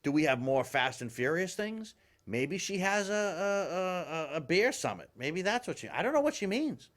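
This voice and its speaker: A male talk show host riffs on politics in a live studio, exasperated and full of restarts. His voice runs fairly high and swings widely in pitch. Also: normal speed. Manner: animated, exasperated, rambling with restarts.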